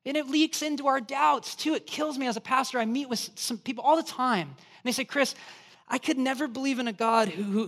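A man's voice: very high voice, sharp tone. A middle-aged male pastor preaching a sermon, telling stories animatedly and acting out little asides with rising emphasis.

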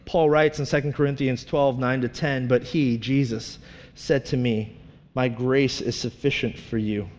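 A man's voice: medium pitch, darkish tone, big-room sound. A man preaching a sermon, earnest and conversational, telling a personal story with self-mocking humor. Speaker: pastor.

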